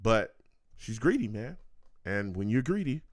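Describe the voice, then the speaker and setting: A man's voice: fairly low pitch, big pitch swings, a little slow, no room sound. A man hosting a reaction video, giving blunt and preachy commentary that repeats its points. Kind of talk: casual commentary.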